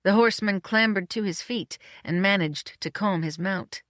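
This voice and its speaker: An audiobook narrator reading a novella in a brisk, even storytelling manner. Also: mid-range voice, no room sound, clean studio sound. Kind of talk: scripted narration.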